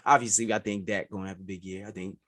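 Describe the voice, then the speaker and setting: A man co-hosting a podcast, chatting casually and excitedly about sports, saying "bro" often. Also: low voice, quick pace, dry recording. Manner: animated, says "bro" often. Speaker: podcast co-host.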